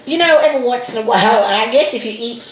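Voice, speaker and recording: A woman from Alabama with a Southern accent and an animated, chatty manner, laughing often as she co-hosts a casual chat. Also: fairly high pitch, fast talker, reverberant, a little hiss or hum. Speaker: co-host.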